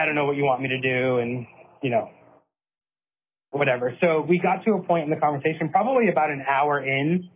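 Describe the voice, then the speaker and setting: A man tells his own story in an earnest, steady way, quoting what he and others said. His voice sits a little high for a man and comes through a narrow, tinny line like a phone call. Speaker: interviewee recounting events. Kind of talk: personal account, clip played on a podcast.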